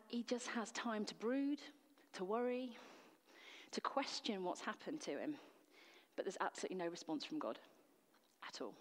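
A woman's voice: mid-range voice, in a large hall. A woman preacher delivering a sermon in an earnest, emphatic way, full of rhetorical questions. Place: church.

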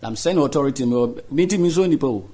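A Ghanaian politician giving earnest interview answers, mixing Twi and English. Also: male voice, medium pitch, animated, quick pace, mellow.

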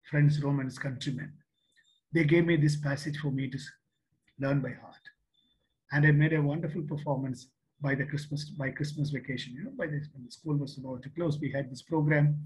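A man's voice: fairly high pitch, poor audio. A man in his sixties from Kerala with an Indian English accent, telling personal stories as a speaker at a youth leadership seminar. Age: 60s. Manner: storytelling, reflective, with frequent restarts and quotes. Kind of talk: motivational talk to youth.

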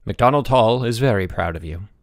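A man's voice: lowish voice, animated, dry recording, studio quality. A man voicing a dignified, formal middle-aged headmaster in an audiobook. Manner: formal, measured, pleased.

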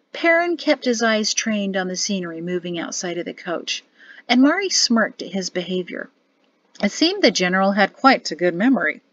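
A woman narrates an audiobook at a steady, even storytelling pace. Her voice sits mid-pitch and sounds dry and close, with a dull, muffled top end. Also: no echo. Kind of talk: scripted narration.

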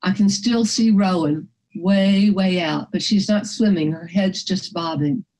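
A woman's voice: on the low side, unhurried, dark tone, low-quality recording. An older woman telling a personal story vividly, acting out the dialogue.

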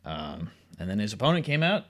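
A man's voice: lowish voice, very animated, fairly quick. A man co-hosting a podcast, recapping wrestling matches in a casual, chatty way and laughing often. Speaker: podcast co-host.

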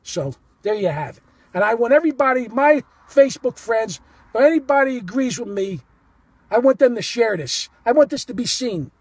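A man telling a heated story about a ballgame as a fan, animated and indignant, cursing and repeating himself. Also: extremely high pitch, normal speed, husky, no room sound. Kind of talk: heated first-person storytelling.

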